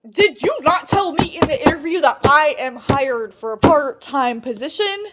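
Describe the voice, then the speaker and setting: A woman's voice: high-pitched, normal speed, very noisy. Swearing young woman telling job stories. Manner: chatty, swears often, animated retelling. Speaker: vlogger. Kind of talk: casual storytime vlog.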